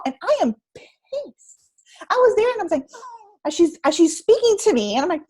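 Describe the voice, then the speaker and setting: A pregnant woman in her thirties, a stress management expert, speaking expressively and acting out her own reactions in a conversational interview over a video call. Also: sits high. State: heavily pregnant. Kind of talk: conversational interview, animated storytelling.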